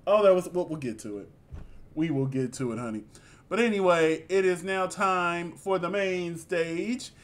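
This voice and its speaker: Animated, sassy man co-hosting a chat. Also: high-pitched, normal speed. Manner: animated and exclamatory, with sassy asides. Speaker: co-host reviewing a reality show. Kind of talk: casual chat.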